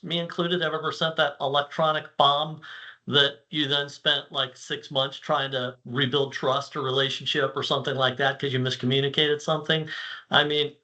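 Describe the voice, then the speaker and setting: Bright, upbeat male host. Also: a little high, fairly even intonation, normal speed, poor audio. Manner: enthusiastic, acts out imagined assistant lines. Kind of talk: casual panel chat.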